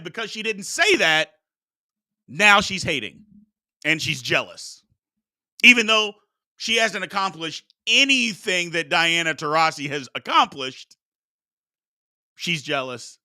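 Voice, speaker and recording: A man's voice: high-pitched, measured pace, pushed and bright, no echo, studio quality. A man hosting a sports talk show, arguing heatedly with his chat and preaching about respect. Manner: combative, preachy, exclaims "Lord have mercy".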